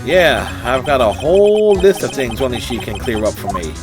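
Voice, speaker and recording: A man voicing a sharp, persistent young defense lawyer in a video game, questioning pointedly. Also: medium pitch, sing-song, normal speed, pitched below the performer's own voice, natural voice. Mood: pressing. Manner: pointed, questioning, shouting objections. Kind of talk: reading a video game aloud on a live stream. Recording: game music playing behind.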